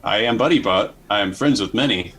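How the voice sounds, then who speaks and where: A man playing a courteous robot with a low voice, speaking in careful, stilted phrases. He sounds prim and earnest, in a homemade tabletop game session. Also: a little fast, fairly bright tone, slightly rough, poor audio. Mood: polite. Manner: stiff, formal diction. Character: overly polite male robot companion.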